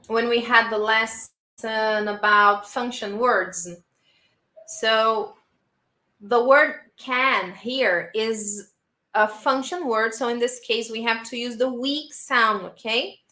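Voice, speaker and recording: Woman English teacher, bright tone, unhurried, repeats sentences for learners, echoey room. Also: a little high. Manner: patient, repeats model sentences for the class. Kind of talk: live online English lesson. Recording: roomy echo.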